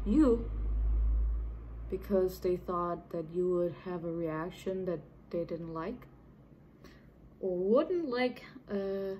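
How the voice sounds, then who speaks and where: A woman's voice: medium pitch, dark tone, a little hiss or hum, low-quality recording. A young adult woman vlogger talking casually to camera, rambling and chatty with frequent restarts. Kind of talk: casual unscripted talk to camera.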